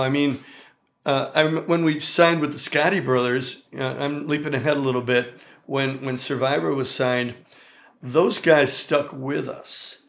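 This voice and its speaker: Gravelly older man telling stories. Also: medium pitch. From Chicago area, USA. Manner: animated, chatty, full of asides. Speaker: songwriter and guitarist, guest. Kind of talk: storytelling interview.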